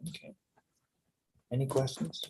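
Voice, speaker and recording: A man teaching a casual one-on-one English lesson, patient and relaxed, often checking in with "okay". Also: a little slow, a little hiss or hum.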